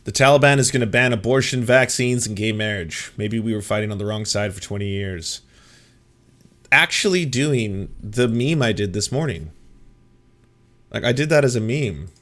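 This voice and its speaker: Low-voiced guy hosting a chatty politics show, jokey and rambly. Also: lively intonation, moderate pace, a bit bright. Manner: rambling, joking, with filler and restarts. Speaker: host. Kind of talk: casual political commentary chat.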